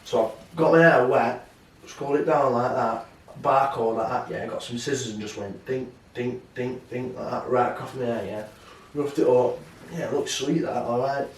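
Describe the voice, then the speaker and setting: A man's voice: medium pitch, moderate pace. A young man, co-hosting a podcast and telling stories in a casual, swearing, slangy way. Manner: swearing, animated storytelling slang. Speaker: podcast co-host. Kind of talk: casual chat. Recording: roomy, mic at a distance.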